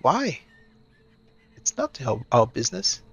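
Wary young adventurer, man voicing him, husky with a bright edge. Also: mid-range voice, wildly swooping pitch, takes it slowly, faint music behind, heavily acted. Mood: reluctant.

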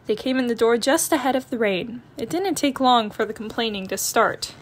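A woman narrating a children's picture book read-aloud in a gentle, expressive storytelling manner. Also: fairly high pitch, moderate pace, slight background noise.

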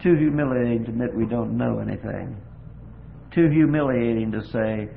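A man's voice: mid-range voice, normal speed, vocal fry. A man preaching a folksy sermon, telling homespun stories with repetitive emphasis, on a phone-like lo-fi recording with faint hiss.

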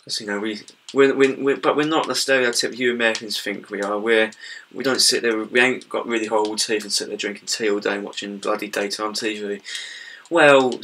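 A young British man gives rambling, self-deprecating commentary over a video game, with a bright, forceful tone. He sounds a little distant from the mic, with a faint hiss of noise in the background. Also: on the low side, steady tone, a little fast. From Britain. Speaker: gaming YouTuber. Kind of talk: casual gameplay commentary.

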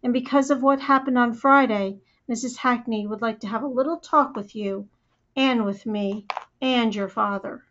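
Angry mom figure, woman reading it, low firm voice, short clipped orders, a bit high pitched, muffled audio. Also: fairly bright tone, a little hiss or hum, natural voice. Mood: stern. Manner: curt, measured commands. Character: stern middle-aged mother, angry and clipped. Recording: slightly muffled recording.

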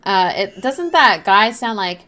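A woman's voice: medium pitch, lively intonation, a little slow, sharp tone. A young woman livestreaming a game, chatting casually and apologetically while reading and thanking her chat. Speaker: livestreaming gamer.

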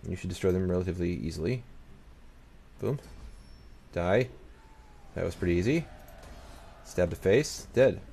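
A man's voice: low voice, expressive, normal speed, gravelly, long pauses, darkish tone, a little hiss or hum. A man giving casual let's-play commentary as he plays, muttering to himself, talking back to the game's nations and swearing now and then. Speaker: gaming channel host.

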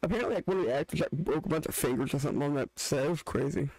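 A man's voice: fairly high pitch, rapid-fire, darkish tone, dry recording, poor audio. A young man hosting a reaction video, joking and ranting in casual, rambling commentary. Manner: joking, rants with restarts.

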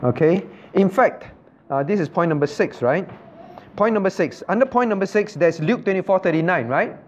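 A man's voice: expressive, normal speed, a little mellow. A male pastor, teaching an interactive Bible class, repeating points and asking his listeners questions. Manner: repetitive, asks the class questions, loose non-native grammar. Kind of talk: interactive Bible study lecture. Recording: dull low-fidelity room recording with faint background noise.

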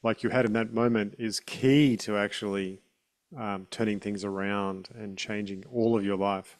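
A man hosting an interview, asking halting, soft-spoken questions. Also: lowish voice, fairly even intonation. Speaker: interview host.

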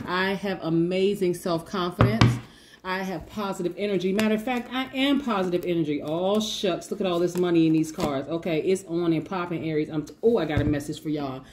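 A woman giving a lively tarot reading, talking casually to her viewers and hyping them up with affirmations. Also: fairly low pitch, noisy background. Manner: lively, hypes viewers with call-and-response affirmations; casual, says y'all, laughs often. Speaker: tarot reader. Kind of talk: energetic motivational tarot reading.

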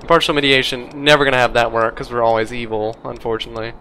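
A man's voice: mid-range voice, little pitch movement, fast talker, sharp tone. A man casually commentating his game, wry and rambling, now and then mimicking the enemies in silly voices. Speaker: gameplay commentator. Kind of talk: casual let's play commentary. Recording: game audio noise behind voice. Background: gunfire and game sounds.

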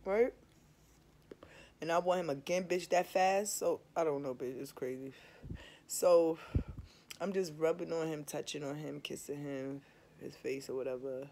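A woman's voice: deep voice, unhurried, pauses often, dark tone, slight background noise. A young woman vlogging in a candid, emphatic, casual way, swearing freely and often checking in with her viewers. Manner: candid, emphatic, swears freely, keeps asking "you understand?". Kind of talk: casual confessional chat to viewers.

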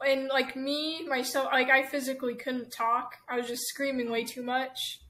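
Young woman, guest, bright higher voice, halting, full of fillers. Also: level tone. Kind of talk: casual interview answers.

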